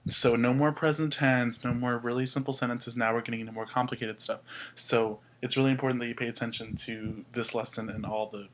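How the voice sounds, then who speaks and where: A man's voice: mid-range voice, fairly even intonation, a little fast, poor audio. A young man hosting a casual language tutorial, explaining step by step and spelling out word endings letter by letter. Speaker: host, Spanish tutor. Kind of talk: casual whiteboard lesson.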